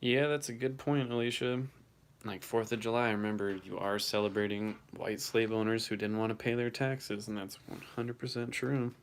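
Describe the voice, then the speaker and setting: Gravelly-voiced young man chatting on a livestream. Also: lowish voice, level tone, moderate pace, slight background noise. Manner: chatty, reacts to chat messages, swears casually. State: voice shaking from cold. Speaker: livestream host reading chat. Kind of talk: casual livestream chat.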